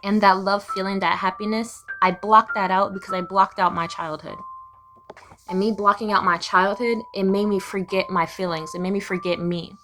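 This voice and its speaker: A woman's voice: medium pitch, level tone, normal speed. A young woman speaking candidly in a personal confessional vlog, raw and profane, firing off heated rhetorical questions. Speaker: vlogger. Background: music.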